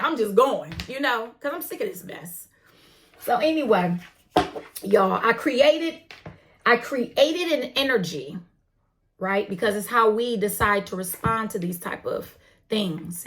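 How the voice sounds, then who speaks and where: A woman's voice: medium pitch, fairly bright tone. A woman telling a story to her viewers in a casual, slangy way, swearing now and then and talking to them as y'all. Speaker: tarot channel host.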